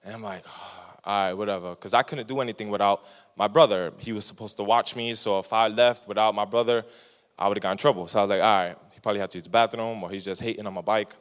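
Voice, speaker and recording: A man's voice: fairly low pitch, fast talker, smooth, in a large hall. A young man preaching to a youth group, telling a story and acting out the voices of the people in it. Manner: animated, acts out voices in his stories. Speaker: youth pastor. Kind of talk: sermon with storytelling.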